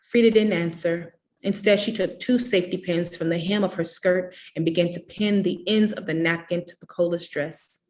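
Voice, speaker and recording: A woman reads a novel aloud in a measured, expressive way, her voice sitting fairly low. She narrates steadily between the characters' lines, like a public literary reading. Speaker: reader.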